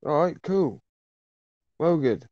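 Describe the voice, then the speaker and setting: A man's voice: fairly high pitch, animated, slow, warm tone, dull audio. A British man in a heated online debate, aggressive, mocking and swearing a lot. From Britain. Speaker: panelist.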